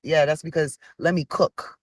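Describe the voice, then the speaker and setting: Reaction commentator, forties, mid-pitched, blunt and profane, scolding; dry close recording. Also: little pitch movement, no echo. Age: 40s. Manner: rapid-fire rhetorical questions. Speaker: commentator reacting to a reality show.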